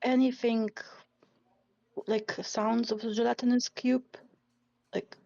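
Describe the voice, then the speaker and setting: A woman with a slightly high voice plays her turn in a tabletop dungeon game. She speaks slowly and tentatively, dropping in "like," and her mic sounds dull and lo-fi. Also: little pitch movement, gravelly, mellow. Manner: slow, tentative, with "like" fillers. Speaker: player. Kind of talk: casual tabletop play.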